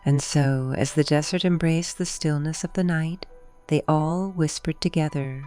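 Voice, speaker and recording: A woman with a low, mellow voice tells a gentle bedtime story for toddlers at an unhurried pace. She speaks softly and soothingly, pausing now and then for the little listener to reply. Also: steady tone, faint music behind. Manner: soft and soothing, pausing for the child to answer.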